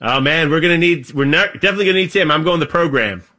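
A man's voice: a little high, quick pace, sharp tone. A man hosting a casual sports-movie podcast segment, calling on each panelist in turn. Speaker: podcast host. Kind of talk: casual chat.

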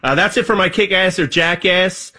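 A man hosts a casual podcast segment and calls on each panelist in turn. His voice is bright and sits a little high. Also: normal speed. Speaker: podcast host. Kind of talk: casual chat.

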